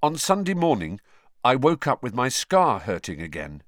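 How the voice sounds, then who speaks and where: A man's voice: mid-range voice, huge pitch swings, moderate pace, no echo, clean studio sound, pitched above the performer's own voice. A man reading aloud and voicing a troubled teenage boy, earnest and uneasy.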